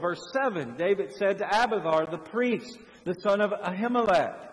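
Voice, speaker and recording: A pastor preaching a sermon, moving between hushed, slow passages and loud, fervent ones. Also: male voice, high-pitched, lively intonation, big-room sound, poor audio.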